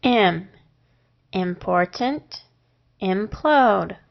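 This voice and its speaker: A woman teaching a phonics lesson, sounding out syllables and words one at a time with long pauses between them. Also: medium pitch, lively intonation, gravelly. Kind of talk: slow, deliberate phonics lesson. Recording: dull lo-fi recording.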